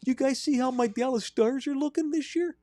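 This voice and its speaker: A man doing a comic impression of a creepy, high-voiced small-town male killer with a Wisconsin accent, in a sing-song, cheery, unsettling way. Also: fairly quick, mellow, no room sound, studio quality. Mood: creepily cheerful. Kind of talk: comedic impression on a podcast.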